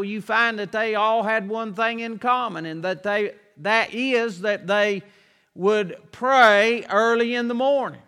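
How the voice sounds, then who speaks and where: High-voiced preacher in a reverberant hall. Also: male voice, bright, forceful tone. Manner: reads scripture aloud, slowing and rising in volume on verses. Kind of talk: sermon.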